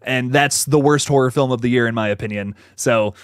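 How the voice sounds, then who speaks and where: A man's voice: mid-range voice, fairly quick, clean tone, no echo, clean studio sound. A young man hosting a live stream, reading chat and rambling cheerfully with many restarts and fillers. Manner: upbeat, thanks viewers by name. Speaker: horror channel host reading live chat. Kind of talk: casual livestream chat.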